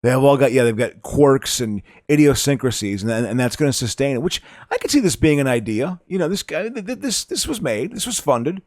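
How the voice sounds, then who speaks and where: A man's voice: medium pitch, animated, brisk, hardly any pauses, darkish tone, no room sound, studio quality. A man from the Chicago area hosting a podcast, rambling and laughing often as he chats. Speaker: podcast host. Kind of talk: casual chat.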